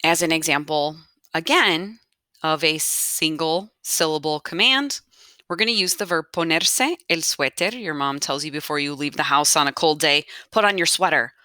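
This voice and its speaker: A woman's voice: low voice, moderate pace, bright, forceful tone, no room sound, clean studio sound. A woman teaching a grammar lesson step by step, patiently explaining aloud as she marks up her notes. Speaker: Spanish teacher.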